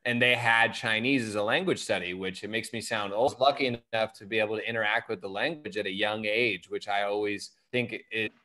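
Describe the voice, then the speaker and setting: A young American man guest chatting casually, laughing often and rambling in a relaxed way. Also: lowish voice, fairly quick, few pauses. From United States. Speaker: podcast guest. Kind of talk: casual chat.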